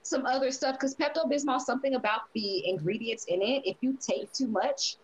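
A woman's voice: sits high, a little fast, a little hiss or hum, low-quality recording. A woman co-hosting a casual movie review podcast, telling stories with lots of laughter and swearing. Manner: animated, laughing, profane storytelling. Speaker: podcast co-host.

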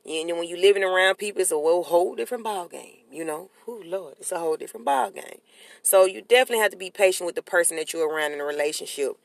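A podcast host in casual chat. The voice is close and dry, with no room sound. The delivery is animated and preachy, and the speaker keeps dropping in short affirmations. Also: medium pitch, very fast, creaky, hardly any pauses, no echo.

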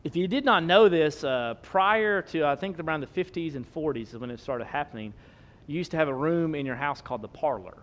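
A man, preaching a sermon, swinging between loud emphasis and soft low asides. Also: fairly quick. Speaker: pastor.

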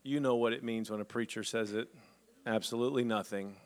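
A man pastor preaching a sermon, reading scripture aloud with lively humorous asides to the congregation. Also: mid-range voice, a little fast.

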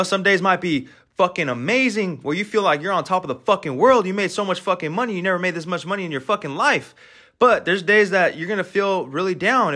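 A young man in his twenties delivers a swaggering, profane pep talk, piling on fillers as he hypes himself up. His voice sits a little high and comes out bright and forceful, with a pushy edge. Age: 20s. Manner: brash, profane and hyped, heavy filler talk. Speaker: podcast host. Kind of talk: casual motivational monologue.

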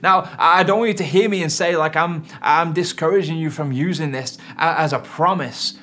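A man's voice: fairly high pitch, normal speed, bright, forceful tone. A man preaching a sermon in an earnest, emphatic way. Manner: earnest, emphatic preaching with rising and falling intensity. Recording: faint music underneath.

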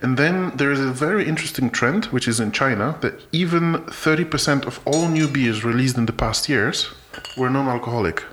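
Halting, word-searching male podcast co-host. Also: medium pitch, fairly bright tone, a little hiss or hum. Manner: halting, repeats words while searching for phrasing. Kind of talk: casual chat.

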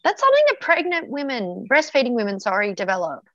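A woman's voice: a little high, big pitch swings, quick pace, a bit bright, no room sound, dull audio. A woman guest telling a personal story frankly, swearing freely and full of fillers and restarts. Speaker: podcast guest.

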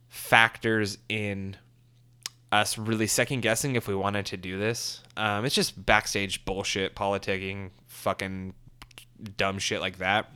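Young guy ranting through an old story, swears constantly, lots of likes and ums, sharp voice. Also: fairly low pitch, clear, resonant tone. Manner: profane, rambling, many fillers. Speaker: former wrestler telling a story. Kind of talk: casual storytelling.

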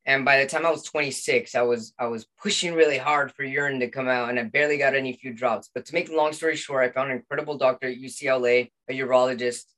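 A man's voice: medium pitch, fairly even intonation, fast talker, few pauses, pushed and bright. Earnest middle-aged man telling his story. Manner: earnest and heartfelt, with many restarts. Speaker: podcast guest. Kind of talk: personal storytelling in a chat.

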